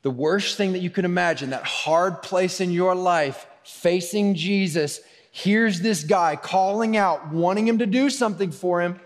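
A man's voice: high voice, a little slow, few pauses. Male pastor preaching in a reverberant hall. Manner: conversational preaching, shifts between soft asides and raised emphasis. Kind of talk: sermon.

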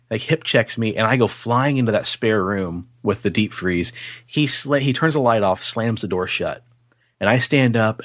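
A man on a podcast, telling a ghost story in loose, casual talk with plenty of swearing. His voice sits in an ordinary middle pitch, and he acts out the voices as he goes. The recording is close and dry, with no room sound. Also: no room sound.

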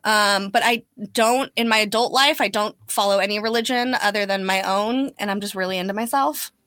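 A woman's voice: medium pitch, a bit bright, no echo, studio quality. A young woman in a casual podcast chat, playful and joking. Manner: playful, quick jokes.

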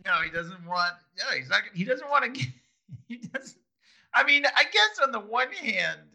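A man's voice: very high voice, big pitch swings, moderate pace, gravelly, sharp tone. A man co-hosting a casual chat, recapping a TV episode, laughing often and restarting his sentences. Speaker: podcast co-host.

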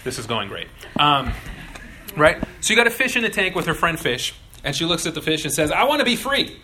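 A younger male pastor preaches with a lively, swooping delivery and a bright, forceful tone. He slips into playful voices for his stories. Faint room ambience sits behind him. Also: on the high side, brisk, a little hiss or hum, rough recording. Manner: animated, acts out voices in illustrations. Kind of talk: sermon.

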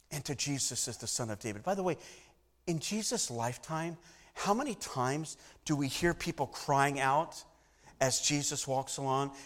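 A man's voice: a little high, big-room sound. A man preaching a sermon to a congregation, emphatic, with repeated phrases and questions to the listeners. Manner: emphatic preaching with repetition and rising bursts. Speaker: pastor.

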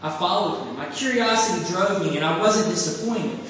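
A pastor preaches with earnest, punchy phrases in a fairly high voice, then reads a story to the congregation. His voice echoes around a church hall, picked up from a distance, with faint room noise behind. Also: normal speed, a bit bright. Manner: earnest, emphatic short phrases. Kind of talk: sermon with story reading.

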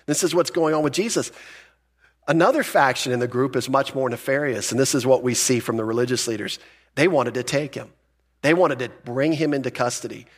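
A man's voice: medium pitch, a little fast. A male pastor giving a sermon in a conversational, emphatic way.

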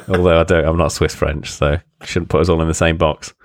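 A low-pitched man hosting a podcast in easygoing banter. He laughs a lot, swears freely and pokes fun at himself. His voice sits well below most men's. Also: level tone, moderate pace. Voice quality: laughs often, swears casually, self-mocking. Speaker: podcast host. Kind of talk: casual podcast chat.

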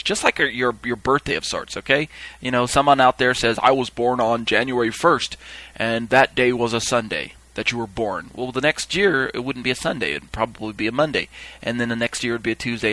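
A man gives a teaching sermon, reading passages aloud and stopping to explain them. His voice is bright and a little tense. The sound is dry and close, with no room around it. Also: medium pitch, dry recording, low-quality recording. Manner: explanatory, acts out quoted call-and-response with raised voice. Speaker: Bible teacher.

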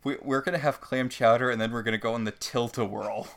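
A woman's voice: very deep voice, fairly even intonation, fast talker, vocal fry. A woman co-hosting a podcast, recapping an episode casually with dry, mocking humor. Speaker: podcast co-host.

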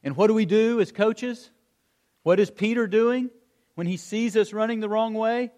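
A middle-aged man preaching a sermon, telling stories in an animated way and acting out the calls of a coach. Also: high-pitched, moderate pace. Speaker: pastor. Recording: long hall reverb.

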